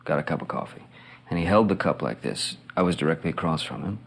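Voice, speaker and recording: A middle-aged man in an interview, reminiscing in a relaxed, rambling way with lots of fillers and chuckles. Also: extremely low pitch, fast, creaky. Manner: relaxed, rambling, full of "you know"s and laughs.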